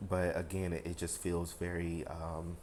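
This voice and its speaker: A man's voice: low voice, flat delivery, takes it slowly, a little hiss or hum. A man giving a casual tarot reading to his viewers, rambling with lots of fillers and talking frankly, with a bit of swearing. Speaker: tarot reader.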